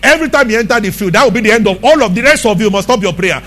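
A man's voice: high-pitched, expressive, very fast, fairly bright tone. A man preaching a sermon as pastor, emphatic and conversational, often asking the congregation questions.

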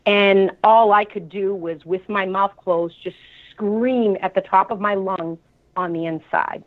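A woman with a Boston accent calling in, retelling a frightening experience in an animated, dramatic way. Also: mid-range voice, unhurried. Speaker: caller. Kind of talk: call-in storytelling. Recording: tinny phone line.

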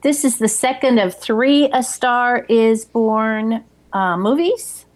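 A middle-aged woman hosting a podcast, chatting in a lively, laughing, expressive way. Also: a little high, slow. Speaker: podcast host. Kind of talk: casual chat.

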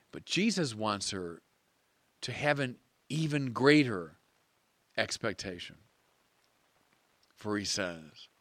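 A priest preaching a sermon in an earnest, measured way with emphatic pauses. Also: male voice, medium pitch, a bit bright, no echo.

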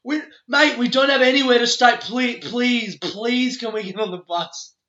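A man's voice: extremely high pitch, steady tone, normal speed, pushed and bright, echoey room, muffled recording, pitched above the performer's own voice. A man imitating a desperate young Australian man with an Australian accent, pleading frantically.

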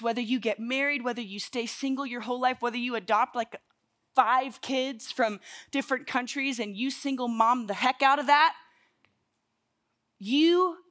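A woman's voice: fairly high pitch, a bit bright. A young woman giving a casual, chatty sermon in a packed church hall, laughing at her own stories. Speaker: young adults speaker.

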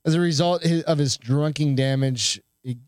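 A man's voice: a little high, normal speed, dry recording. Man reading news with jokey asides. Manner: loose and joking, swears freely, stumbles while reading. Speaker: podcast co-host. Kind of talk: casual chat, reading a news story aloud.

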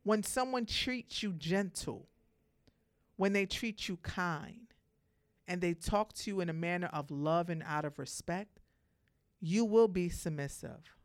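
A woman's voice: on the low side, a little slow. Emphatic woman giving advice to women. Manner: emphatic, animated storytelling; addresses listeners directly. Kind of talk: motivational monologue to women.

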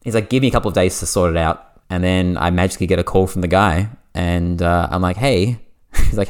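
An Australian man hosting a podcast, telling a story in casual chat, animated and full of "like" fillers. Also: sits low, clean tone. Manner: animated, fast anecdote with lots of "like" fillers. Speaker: podcast host.

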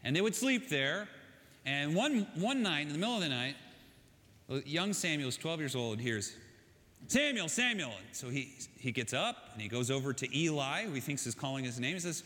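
A man's voice: on the high side, expressive, brisk, a bit bright, in a large hall. A male pastor preaching a sermon in a casual, conversational way, telling stories with joking asides.

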